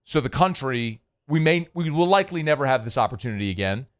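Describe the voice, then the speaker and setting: A man's voice: medium pitch, lively intonation, fast talker, clean tone. A man hosting a sports radio show, chatting casually in a rambling, playful, self-deprecating way. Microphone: studio microphone.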